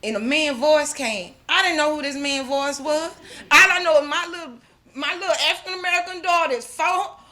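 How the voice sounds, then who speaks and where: A woman's voice: sits high, a little fast, bright, forceful tone. A middle-aged woman, giving a fervent personal testimony as a mother at an awards ceremony, repeating herself and restarting often. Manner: fervent, repetitive, restarts often, religious phrasing. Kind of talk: emotional personal testimony speech.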